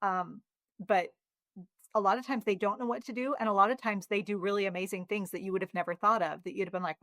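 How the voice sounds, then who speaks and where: A woman hosting a podcast, asking questions and sharing her own reflections in an encouraging, relaxed conversation. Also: medium pitch, fast talker, dry recording. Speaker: podcast host. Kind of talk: casual interview conversation.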